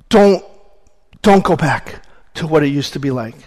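A man's voice: fairly high pitch, lively intonation, a little slow, pauses often, darkish tone, big-room sound. A man preaching a sermon as pastor, earnest and emphatic, reading scripture aloud.

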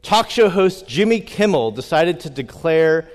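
Hoarse pastor in a reverberant hall. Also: male voice, fairly high pitch, big pitch swings, a little slow. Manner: earnest, frequent fillers, prays with repeated "God". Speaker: family pastor. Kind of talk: recorded sermon with prayer.

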